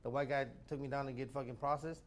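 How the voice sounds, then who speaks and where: Fast-talking stammering man telling a story. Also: mid-range voice. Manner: animated, stammering repeats. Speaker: comedian guest. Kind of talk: casual storytelling chat.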